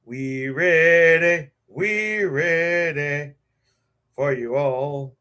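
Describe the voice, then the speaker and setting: Male live-stream host, slow-paced, amped and stammering, a touch high-pitched. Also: pushed and bright, smooth. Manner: hyped, stammering, restarts and repeats words. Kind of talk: excited live-stream chat.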